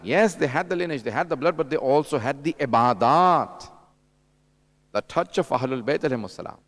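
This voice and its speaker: Gravelly higher-pitched male preacher. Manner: conversational preaching, addresses the audience directly; tells anecdotes and acts out dialogue. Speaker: religious lecturer at a mourning gathering. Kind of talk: sermon.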